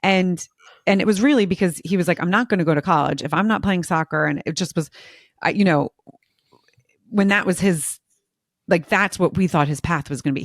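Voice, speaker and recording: In clean studio audio with no room sound, a low-voiced woman in her forties, a mother who co-hosts a podcast, chats casually about emotional things. She's talkative and expressive, opening up freely and laughing often.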